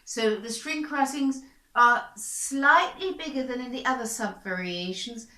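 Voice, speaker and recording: A woman's voice: on the high side, a little slow, pushed and bright, reverberant, low-quality recording. A woman violin teacher patiently explaining bowing practice, repeating points and encouraging the student. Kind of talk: instructional explanation.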